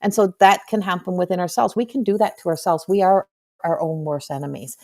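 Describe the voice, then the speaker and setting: A woman with a somewhat low voice hosts a casual live-streamed spiritual talk. She speaks as a medium in an earnest, chatty way. She stays frank and drops playful swearing. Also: fairly quick, a little mellow.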